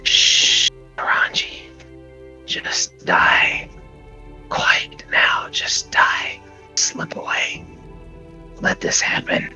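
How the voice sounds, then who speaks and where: A man's voice: very slow, pauses often, soft background music, exaggerated voice. A man whispering as a taunting shadow creature, whispered role-play. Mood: soothing menace. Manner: hushed, taunting.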